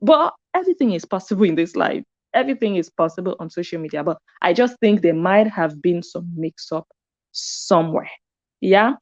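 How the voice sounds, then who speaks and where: A woman's voice: lowish voice, expressive, moderate pace, dull audio. A woman giving casual commentary, chatty and reflective. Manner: chatty and reflective, with frequent "hmm" reactions. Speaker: commentary vlogger.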